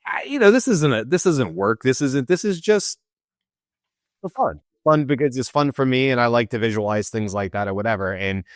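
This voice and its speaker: A man co-hosting a show, telling a story in an animated, laughing way in casual chat. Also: mid-range voice, normal speed, dry recording, clean studio sound. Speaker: show co-host.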